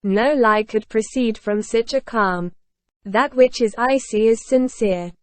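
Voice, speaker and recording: A woman reading a classic novel aloud in steady, even scripted narration. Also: a little high, unhurried, dry recording. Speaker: audiobook reader.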